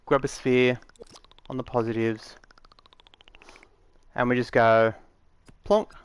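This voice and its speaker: A man's voice: medium pitch, flat delivery, slow pace, smooth, no room sound. A man giving a casual, rambling tutorial, matter-of-fact and full of fillers, recorded dry on a close mic. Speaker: game tutorial maker.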